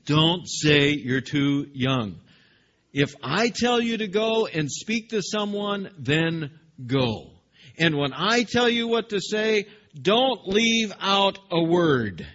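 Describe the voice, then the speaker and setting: A man voicing a stern, fatherly divine figure in a slow, emphatic parental tone. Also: a little high, sing-song, fairly bright tone, muffled recording, slight background noise, voice pushed up, exaggerated voice.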